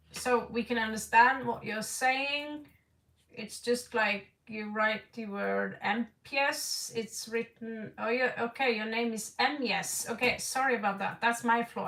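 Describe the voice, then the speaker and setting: A woman's voice: a little high, a bit bright, roomy sound, far from the mic, rough recording. A woman doing an online tarot reading in a rambling, frank way. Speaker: tarot reader.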